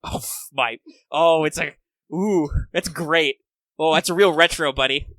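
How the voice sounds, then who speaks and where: A man co-hosting a casual gaming chat, talking in an animated way with lots of swearing and quick impressions. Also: a little high, no echo. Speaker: podcast co-host.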